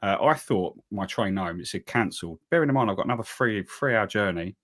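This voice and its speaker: A man, co-hosting a podcast and telling a long story in casual chat, acting out what people said. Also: fairly quick. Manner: animated storyteller, acts out quotes with big pitch jumps. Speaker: podcast co-host.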